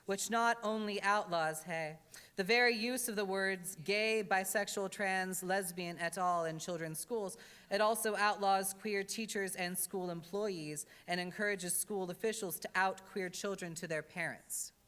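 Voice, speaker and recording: Woman drag entertainer, wry conversational address, bright clear tone, reverberant church hall. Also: mid-range voice, a little slow. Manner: wry, conversational, earnest with comic asides. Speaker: drag entertainer giving a talk in a worship service. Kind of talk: comic then earnest address. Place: church sanctuary.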